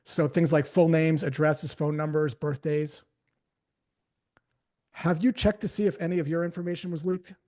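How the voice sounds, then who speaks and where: A man's voice: fairly high pitch, steady tone, moderate pace, mellow. A man giving a live sales training talk, casually telling stories and acting out the conversations in them.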